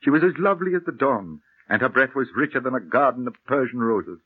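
A man's voice: mid-range voice, expressive, fast talker, husky. An actor playing an earnest elder professor who urgently warns and pleads with a young man, in 1940s radio acting style. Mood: grave storytelling. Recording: muffled old radio broadcast.

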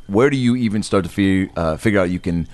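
Deep-voiced rambling podcast co-host. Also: male voice, quick pace, a little mellow. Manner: rambling, searching for words. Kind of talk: casual podcast chat.

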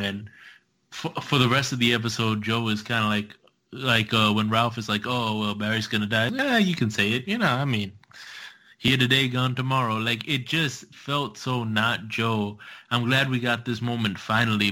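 A man's voice: on the low side, pushed and bright. A man co-hosting a fan podcast, arguing his point casually with stumbling restarts. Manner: argumentative, critical, stumbling restarts. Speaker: podcast co-host.

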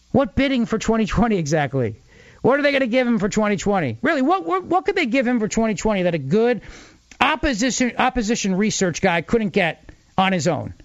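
Fill-in radio host: a New man with a high voice, punchy and mocking on a dry, lo-fi feed. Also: no room sound. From New Jersey. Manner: argumentative, emphatic, mocks opponents. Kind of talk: talk radio political monologue.

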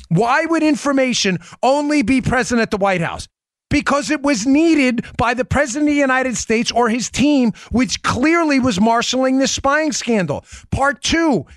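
Emphatic high-voiced male podcast host. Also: dry recording, clean studio sound. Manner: emphatic, fires off rhetorical questions; talks to his co-host by name. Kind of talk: political commentary monologue.

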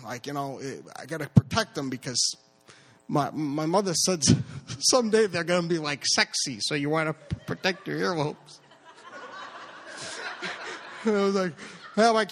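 Male live storyteller, slightly high pitch, stammering, nervy energy. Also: moderate pace. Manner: stammering, repeats words, animated impressions.

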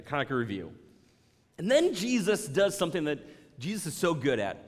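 A man delivers a conversational sermon from a pulpit, his pitch swinging widely as he acts out the doubts of his listeners. His voice rings out through a big hall with a long, lingering reverb. He speaks like a pastor talking straight to his church. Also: fairly quick. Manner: animated, conversational preaching with voiced asides.

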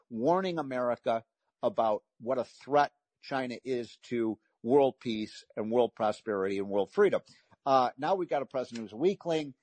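A man's voice: mid-range voice, a little mellow, no room sound. A man hosting a talk radio show, delivering an emphatic, frustrated political monologue with frequent restarts.

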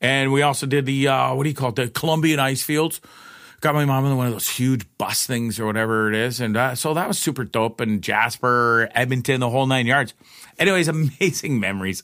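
A man's voice: medium pitch, brisk, a bit bright. A man telling rambling personal stories in a casual, profane way, laughing often. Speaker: storyteller.

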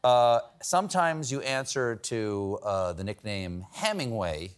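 A man's voice: medium pitch, expressive, slow, smooth. A man hosting a late-night talk show, interviewing a guest with playful jokes.

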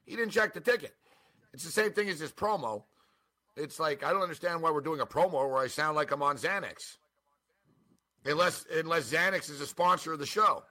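A man co-hosting a casual sports podcast, talking quickly and animatedly and joking about himself. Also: fairly high pitch. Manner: animated, self-mocking, quick talker. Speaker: co-host.

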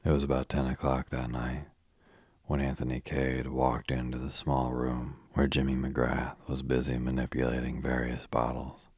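A man reading a novel aloud as an audiobook narrator, measured and even. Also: very deep voice, gravelly, breathy edge, no echo, clean studio sound.

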